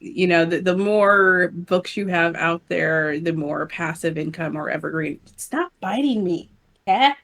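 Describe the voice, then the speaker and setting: A woman's voice: on the low side, level tone, fairly bright tone. A woman co-hosting a podcast in casual chat, talkative and hesitant with frequent ums. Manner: chatty, hesitant with frequent "um", quick to laugh. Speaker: podcast co-host.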